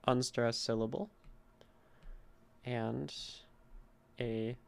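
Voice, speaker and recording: Male streamer, poetry teacher: unhurried, deliberate, gravelly, sounds out syllables. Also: medium pitch, flat delivery. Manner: slow, deliberate reading with gravelly tone; explains meter patiently, sounding out syllables.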